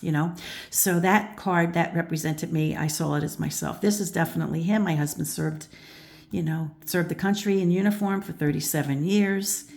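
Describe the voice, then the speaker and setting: Low gravelly woman reading tarot. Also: normal speed, a little mellow. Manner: thoughtful, rambling, frequent "you know" and restarts. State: out of breath at times. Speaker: tarot reader and channel host. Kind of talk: casual spoken tarot reading.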